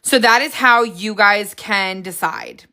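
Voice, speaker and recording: A woman hosting a casual live stream, chatty and excitable, jumping from idea to idea with frequent laughs. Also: medium pitch, slow pace. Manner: excitable, jumps between ideas, frequent laughs.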